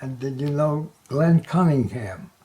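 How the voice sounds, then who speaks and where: A man's voice: a little high, expressive, a little slow, darkish tone. A man in his nineties telling jokes and stories as an interview guest, chuckling at his own punchlines. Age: 90s. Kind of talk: joke-telling storytelling. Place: local TV studio.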